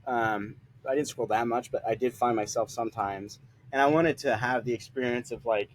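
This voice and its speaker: A man's voice: mid-range voice, fairly even intonation, normal speed. A young man chats as a podcast guest in a laid-back style, full of casual fillers, and he laughs easily. His voice sits in the middle range. A faint noise runs under the recording. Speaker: guest, solo sailor and content creator. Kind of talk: casual conversation.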